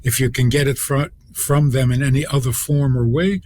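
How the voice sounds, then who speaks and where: A man, a rabbi, telling a story on a radio program, with deliberate pauses and acted-out quotes. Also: mid-range voice, flat delivery, a little mellow, slight background noise.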